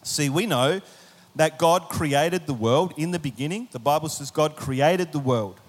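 A man preaching a sermon in an animated way, with humorous asides and acted-out voices. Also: a little high, a little slow, in a large hall. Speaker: pastor.

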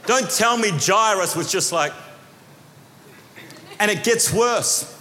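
Animated preacher from New Zealand, high voice. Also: male voice, takes it slowly, pauses often, some chatter behind, slight background noise. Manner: animated, acts out voices, swings between loud shouts and quiet asides. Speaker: pastor. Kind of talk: sermon. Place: church hall. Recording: long hall reverb.

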